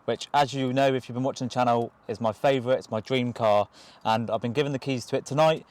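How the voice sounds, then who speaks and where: Excitable fast-talking young man. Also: medium pitch. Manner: excitable, rushing, casual slang. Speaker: car vlogger. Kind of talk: excited car review vlog. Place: inside a parked car. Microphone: camera held by someone else.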